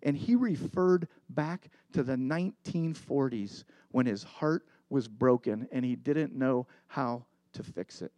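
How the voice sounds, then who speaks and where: A man's voice: medium pitch, measured pace, hardly any pauses, warm tone, dry recording. A middle-aged man preaching a sermon as pastor, earnest and confessional, telling a story with emphatic repetition.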